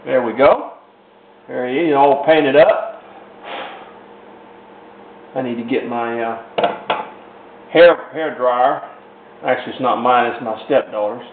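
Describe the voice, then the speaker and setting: A folksy man walks through a painting lesson at an unhurried pace, circling back with the same little phrases. His voice comes through a tinny, phone-like recording in an echoey room with a faint hiss behind him. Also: medium pitch. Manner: folksy, rambling, repeats "in other words". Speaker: painting instructor. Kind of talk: step-by-step painting demonstration.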